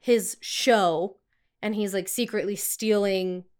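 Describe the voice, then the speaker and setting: A woman's voice: mid-range voice, fairly even intonation, takes it slowly. A young woman with a mid-range voice talks casually about a film. She is curious and chatty and often asks questions. She fills her speech with "like". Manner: inquisitive, chatty, uses "like" often. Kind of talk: casual movie review chat.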